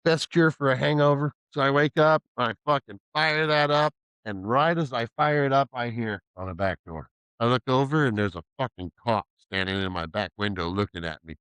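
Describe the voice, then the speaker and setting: Profane, animated male storyteller. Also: mid-range voice, moderate pace, smooth, no room sound, rough recording. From Pacific Northwest of the US. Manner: profane, animated, laughs often, acts out quoted voices. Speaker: podcast host telling a story. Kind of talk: casual storytelling.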